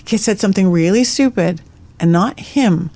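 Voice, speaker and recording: A middle-aged woman, appearing as a psychic medium on a podcast, shares ghost stories energetically and laughs at what she says. She has a warm, medium-pitched voice and a moderate pace.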